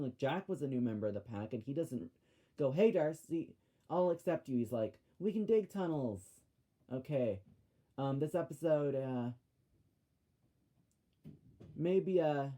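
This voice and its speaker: A man's voice: fairly high pitch, dark tone. A man giving a casual episode-by-episode review, rambling and ranting, often stopping to correct himself.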